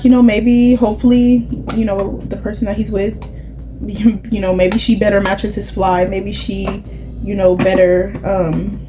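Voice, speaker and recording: Rambling through her makeup routine in a casual vlog, a young woman confides in viewers, sprinkling in "like" and "you know". Her voice is medium-pitched, and the recording quality is low.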